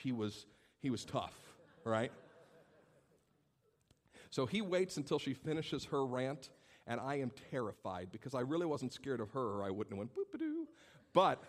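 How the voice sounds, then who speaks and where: Casual: guy preaching, pastor telling a story, acts out all the voices, mid pitch. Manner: animated storytelling, acts out the people in his stories. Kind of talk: sermon.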